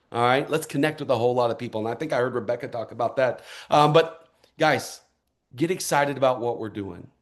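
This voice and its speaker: A middle-aged American man giving an energetic motivational speech at a network marketing event, punchy and rallying. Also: fairly high pitch. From United States. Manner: fired-up, punchy, rallying, with repeated short calls to action.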